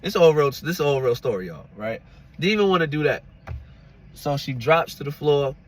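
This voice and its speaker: A man's voice: on the high side, expressive, normal speed. A man telling a personal story in a casual storytime, chatty and laughing, often checking in with "you know what I'm saying".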